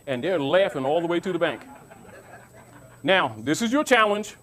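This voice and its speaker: A man's voice: a little high, sing-song, moderate pace, fairly bright tone. A man giving an informal teaching talk to an audience, emphatic and repetitive, often asking whether his listeners understand. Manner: emphatic, repeats himself, asks listeners if they understand. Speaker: lecturer.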